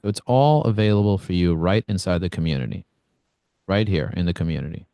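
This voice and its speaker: Man from Brooklyn, networking coach, blunt and energetic, video call, dry close sound. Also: low-pitched, a little fast, dry recording. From Brooklyn, New York. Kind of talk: online coaching session.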